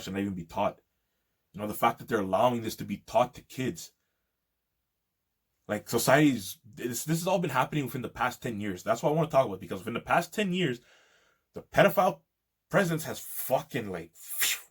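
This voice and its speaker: A man's voice: medium pitch, expressive, normal speed, pauses often, slightly rough. A man delivering an indignant, profane monologue to his audience. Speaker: video host. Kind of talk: angry monologue.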